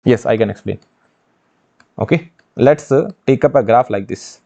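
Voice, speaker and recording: A man's voice: medium pitch, expressive, normal speed, vocal fry, dark tone. A man with an Indian English accent teaching engineering mathematics for an exam course, asking questions and answering them himself and repeating key phrases. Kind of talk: online exam-prep lecture.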